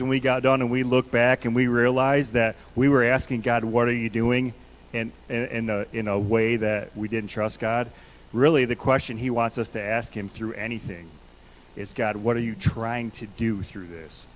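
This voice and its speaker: The audio is poor, but it captures a medium-pitched man preaching in a church sanctuary. He keeps his sermon conversational and earnestly repeats his questions to the congregation.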